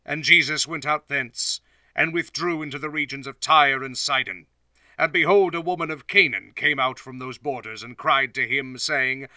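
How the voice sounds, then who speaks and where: Man reading scripture, very bright. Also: medium pitch, normal speed, dry recording, recorded from a distance. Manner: steady, formal reading. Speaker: scripture reader. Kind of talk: scripted narration.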